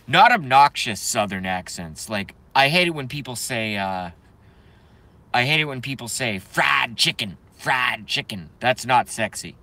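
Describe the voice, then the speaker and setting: Casual streamer guy, bright clear tone, loose rambling delivery, jokes around with chat. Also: mid-range voice, expressive, moderate pace. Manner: rambling, joking, reads chat aloud. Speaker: live stream host.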